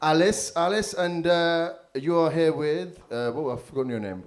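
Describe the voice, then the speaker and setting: A man's voice: on the high side, moderate pace. A man hosting a live comedy show on a handheld mic, teasing the crowd with crude, cheeky banter. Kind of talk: live stand-up crowd work. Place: live comedy venue with audience. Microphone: handheld stage mic.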